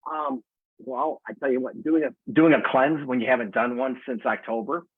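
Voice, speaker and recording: A man's voice: mid-range voice, normal speed, husky, no room sound. A man in his sixties chatting enthusiastically on a video call and telling stories in a casual way. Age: 60s. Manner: enthusiastic storytelling. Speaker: community member. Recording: tinny phone-like audio.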